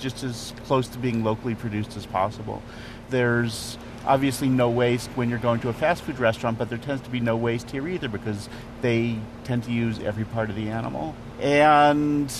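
A man's voice: mid-range voice, noisy background. A man working as a restaurant critic, talking casually and knowledgeably about food, thinking aloud with the odd filler, recorded first in a car at a drive-thru and then in a restaurant. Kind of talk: casual conversational explaining.

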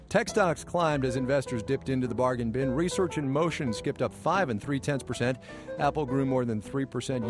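A man hosting a radio business news program, reading market numbers in a brisk, lightly wry way. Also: medium pitch.

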